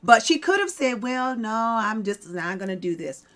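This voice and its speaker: A woman's voice: mid-range voice, big pitch swings, moderate pace, fairly bright tone. A middle-aged woman hosting a vlog, giving an emphatic motivational talk to her viewers and repeating her key points. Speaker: vlog host.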